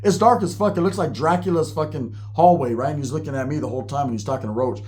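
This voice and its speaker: Male storyteller, profane and slangy, fairly high voice. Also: quick pace. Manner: profane, animated, street slang.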